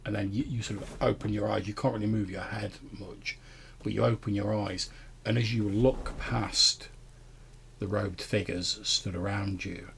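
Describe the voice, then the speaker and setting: A man's voice: fairly low pitch, creaky, fairly bright tone, a little hiss or hum. A man narrating a tabletop game as game master, descriptive, often repeating his words. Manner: stammering repetitions, descriptive.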